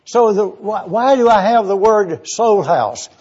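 A man's voice: sits high, animated, measured pace, a little mellow, breathy edge, highs cut off. A man preaching a sermon, eagerly teaching word meanings and spelling terms out letter by letter. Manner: enthusiastic teaching.

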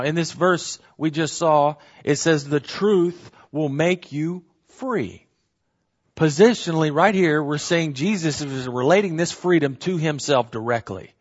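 A man's voice: on the high side, slightly rough, lo-fi sound. Earnest man teaching a Bible study. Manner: earnest, emphatic, repeats key phrases, self-corrects.

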